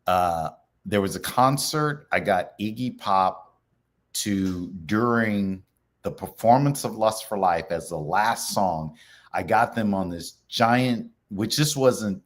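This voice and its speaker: A middle-aged man with a fairly low voice tells a story in a relaxed interview. He acts out the other people's lines with a lot of animation. He speaks as a company founder talking through his career. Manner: animated storyteller acting out quoted dialogue.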